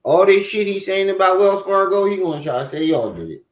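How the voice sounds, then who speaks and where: A man's voice: high voice, brisk, noisy background. Guy doing reaction commentary, mocking, talks back at the clip, echoey room. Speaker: commentary host.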